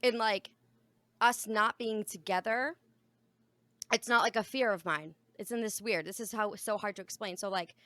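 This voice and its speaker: Bright-voiced, frank young woman co-host. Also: mid-range voice, normal speed, no echo. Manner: candid, frank, swears freely. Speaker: podcast co-host. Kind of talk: casual chat.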